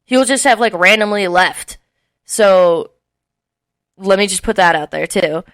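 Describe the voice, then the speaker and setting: A young woman co-hosts a podcast and, in casual chat, tells a long story about a party, swearing freely and acting out what people said. She's an animated storyteller whose voice is medium in pitch and unhurried.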